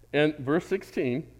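A man preaching a sermon as pastor, animated, with jokes and asides to the congregation. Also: on the high side.

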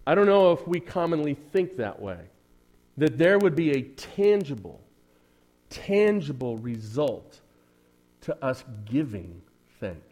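A man's voice: a little high, very animated, takes it slowly, darkish tone. Sarcastic male pastor preaching conversationally. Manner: conversational, rhetorical questions, dry sarcasm. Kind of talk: sermon. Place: church.

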